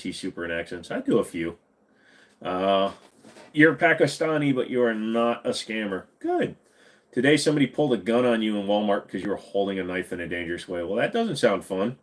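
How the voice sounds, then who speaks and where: A man in his forties hosting a livestream, chatting casually with viewers in a blunt, profane, rambling way and sounding tired. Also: sits low. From United States. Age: 40s. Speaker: livestream host. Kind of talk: casual livestream chat answering viewer comments.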